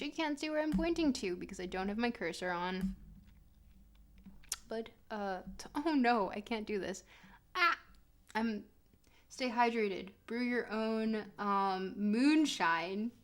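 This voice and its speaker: A woman's voice: a little high, slow pace. A woman streamer giving casual, joking commentary while playing, talking straight to her chat. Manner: chatty and joking, answers chat directly.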